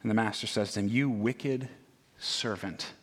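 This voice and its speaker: Fairly low in pitch and husky, a man preaches at normal speed. He's a pastor whose sermon feels like conversation, animated and full of rhetorical questions and "right?" asides.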